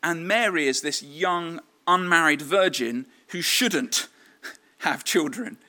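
Bright-voiced man preaching a sermon. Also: fairly high pitch, slow. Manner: conversational with fillers and restarts.

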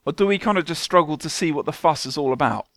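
A man, a church minister giving a relaxed, conversational sermon with light self-mocking humour. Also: fairly high pitch, fast talker, no echo, clean studio sound. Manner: conversational, self-deprecating humour, soft prayerful tone when praying.

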